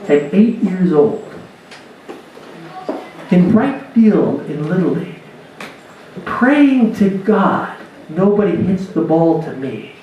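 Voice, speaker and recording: A man who teaches spirituality, telling a lively personal story to a church dinner gathering. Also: sits high, takes it slowly, long pauses, narrow, tinny audio, a crowd in the background. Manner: animated storyteller, acts out his own voice in quotes. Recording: echoey hall recorded from far off.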